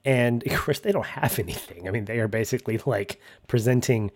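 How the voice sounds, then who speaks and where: A man hosting a podcast, recapping a TV episode in a relaxed, chatty way. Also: mid-range voice, brisk. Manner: relaxed, laughs often, acts out quotes. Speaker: podcast host. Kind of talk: casual TV recap chat.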